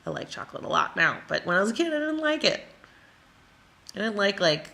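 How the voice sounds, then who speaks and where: A woman's voice: medium pitch, very fast, gravelly, sharp tone. A woman from Wisconsin giving a motivational talk as a creative coach, stressing her points in repeated phrases with playful asides. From Wisconsin, USA.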